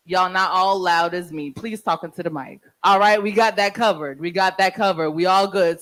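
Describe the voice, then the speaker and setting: A woman's voice: mid-range voice, normal speed, hardly any pauses, fairly bright tone, rough recording. Brash, playful woman hosting a live open mic. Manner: brash, playful crowd-hyping banter with profanity. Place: stage of a live venue. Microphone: handheld stage mic.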